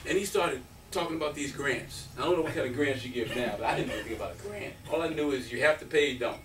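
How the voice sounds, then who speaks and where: With a crowd audible behind him, a man in his fifties speaks quickly at medium pitch during a breakfast event speech. Once a college basketball player, he animatedly acts out quotes and laughs a lot, recorded roomy and from afar.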